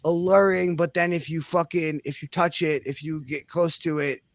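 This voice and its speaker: A man's voice: on the high side, steady tone, normal speed, dry recording. A young man hosting a casual chat, rambling with lots of restarts and casual swearing. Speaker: host.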